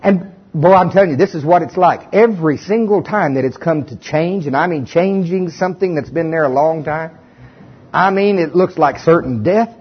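A male pastor preaching a sermon with animated, folksy storytelling and humor, in a dull lo-fi recording. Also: on the high side, moderate pace, breathy edge.

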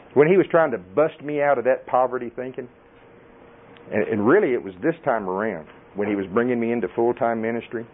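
Middle-aged male preacher, folksy and animated, mid-range voice on tinny audio. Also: mid-range voice, slight background noise. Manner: folksy and animated, laughing often. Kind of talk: sermon.

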